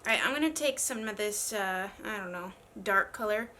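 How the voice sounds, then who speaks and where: There's a little hiss or hum behind this young woman's medium-pitched voice, which has lively intonation, normal speed and a sharp tone. A beauty vlogger doing her makeup, she chats casually in a get-ready-with-me format, sounding congested, struggling slightly to talk, rambling and teasing herself.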